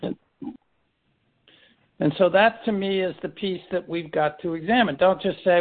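A man's voice: sits high, moderate pace. A man leading a business team meeting, coaching with rhetorical questions and many restarts. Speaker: firm leader running a team meeting. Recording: tinny phone-line sound.

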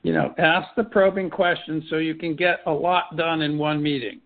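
With vocal fry and fairly even intonation, a man on the high side speaks at a moderate pace over a tinny phone line. He leads a business team meeting firmly, coaching with rhetorical questions and many false starts.

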